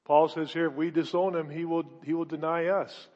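A male pastor with a fairly high voice preaches a sermon in a church hall with a long echo, captured on a dull, muffled recording. His tone is level and his pace a little fast as he hammers home points through repeated words and rhetorical questions, shifting between loud declarations and quiet, intimate asides.

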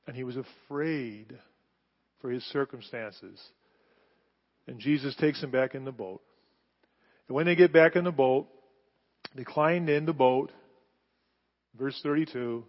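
A middle-aged man preaching a sermon, telling the story with animated delivery and rhetorical questions. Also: a little high. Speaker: pastor. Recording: muffled sound, long hall reverb.

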